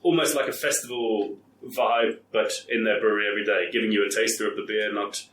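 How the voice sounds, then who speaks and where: A man chatting as a guest over beer, telling stories in a halting, rambling way. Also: on the low side, steady tone, fairly bright tone, far from the mic. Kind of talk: casual chat over beer. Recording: roomy with background noise, off-mic.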